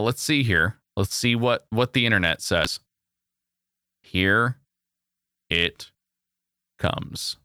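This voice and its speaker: Podcast guy, low but bright voice, lively ups and downs, dry sound. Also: no echo. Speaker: podcast co-host. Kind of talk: casual podcast chat.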